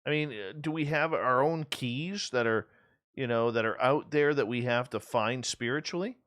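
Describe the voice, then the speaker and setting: A man's voice: medium pitch, moderate pace, fairly bright tone. A man hosting a radio talk show, asking playful, self-deprecating questions. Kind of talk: casual interview questions.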